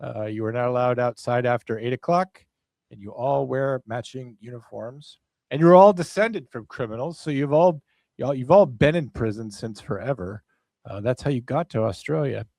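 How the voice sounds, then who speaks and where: A man hosting a comedic true crime podcast, mixing dark story narration with deadpan sarcastic jokes. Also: mid-range voice, normal speed, gravelly, dry recording, rough recording. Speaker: podcast host.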